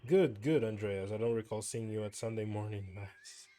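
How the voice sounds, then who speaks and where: A man's voice: on the low side, moderate pace, mellow, a little hiss or hum, close to an everyday voice. A man reading aloud the lines of a stern older village priest from a story game.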